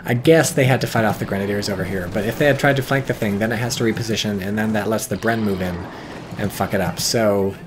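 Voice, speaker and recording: A man giving casual, profane, excitable commentary on a strategy game match, with wry asides. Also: fairly low pitch, fast talker, noisy background. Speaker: game caster.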